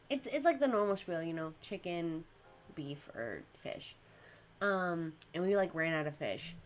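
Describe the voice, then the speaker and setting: Lively young woman telling work stories. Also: a little hiss or hum. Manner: animated storyteller, acts out customers in high voices, laughs often. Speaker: podcast host. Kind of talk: casual chat.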